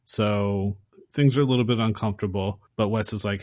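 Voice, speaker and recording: A man casually recapping a horror film on a podcast, acting out the characters' lines with animated energy. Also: fairly low pitch, a little fast, no echo, studio quality. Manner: animated storyteller acting out quotes. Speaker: podcast host.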